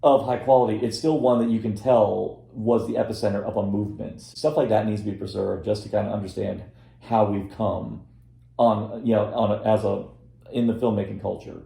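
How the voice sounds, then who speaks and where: His voice is on the low side, creaky and warm, steady and fairly quick. As a co-host reviewing films on a casual podcast, he meanders and restarts often, recorded in a room with echo.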